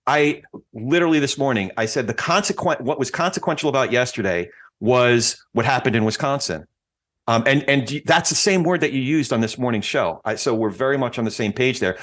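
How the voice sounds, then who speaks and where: A man hosting a casual podcast, joking easily and halting with ums and restarts as he makes his points. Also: medium pitch, a bit bright. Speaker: podcast host.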